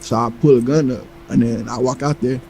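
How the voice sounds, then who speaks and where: A man casually telling a tense personal story, animated and profane, acting out what others said. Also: medium pitch, brisk, low-quality recording. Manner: animated, acts out quoted lines, heavy profanity.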